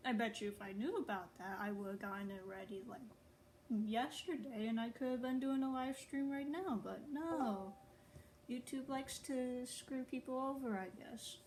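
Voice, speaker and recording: A young adult woman, an online writer and video creator, chats to viewers in a rambling, offhand way, laughing at herself. Her fairly high voice has a darkish tone at normal speed, and the low-quality phone recording carries a little hiss or hum.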